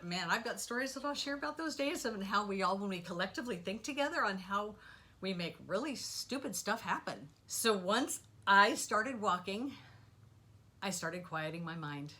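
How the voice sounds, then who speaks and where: A middle-aged woman telling a rambling personal story in a casual monologue, animated and full of asides and sound effects. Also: mid-range voice. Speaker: spiritual vlogger.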